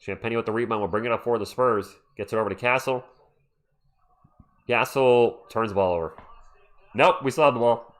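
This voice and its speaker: Man, livestream host, casual play-by-play, excitable, chatty, reads chat aloud, desktop mic, home. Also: mid-range voice, fairly quick, pauses often. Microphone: USB desktop microphone.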